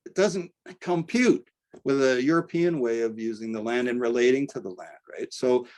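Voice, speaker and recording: An older man giving a relaxed academic lecture at a middle pitch. He keeps it conversational, with ums and uhs and a habit of ending points with a quick "right?". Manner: conversational, tags points with "right?", frequent fillers. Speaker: archaeology lecturer.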